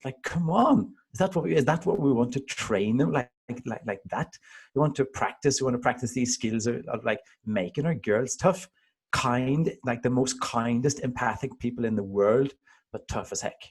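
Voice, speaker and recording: A man in his thirties, a father of two daughters, telling personal stories in casual conversation in an earnest, animated way. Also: medium pitch, normal speed, husky.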